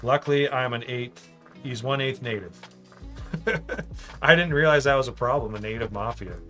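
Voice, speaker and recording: Easygoing guy on a build stream, reads chat out loud, jokey, mid-pitched voice. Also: brisk, soft background music. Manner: chatty, reads viewer comments aloud with light joking. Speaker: livestream host building Lego. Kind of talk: casual livestream chat.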